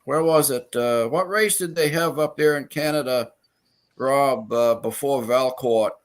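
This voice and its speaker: Halting, storytelling man in a chat. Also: mid-range voice. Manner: rambling storyteller, halting with restarts. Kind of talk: casual chat.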